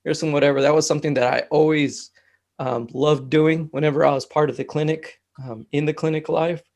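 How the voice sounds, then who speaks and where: A man, a mental health technician guest, talking in a relaxed, conversational way with plenty of fillers. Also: a little high, moderate pace. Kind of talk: casual conversation.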